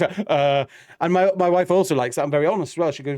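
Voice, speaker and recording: A man's voice: a little high, fast. A man co-hosting a casual reaction show, rambling and acting out quoted lines. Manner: rambling, animated, acts out quoted dialogue. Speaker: reaction video co-host.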